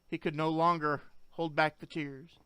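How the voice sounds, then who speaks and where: Slow, earnest male audiobook narrator. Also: fairly high pitch, flat delivery, sharp tone, smooth, no echo, studio quality. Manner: slow, earnest reading that shifts into each character.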